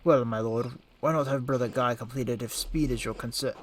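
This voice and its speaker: A man's voice: mid-range voice, fairly even intonation, a little fast, a little hiss or hum, lightly acted. Man reading an anxious abbot, placating, plain middle voice. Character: anxious male abbot eager to please.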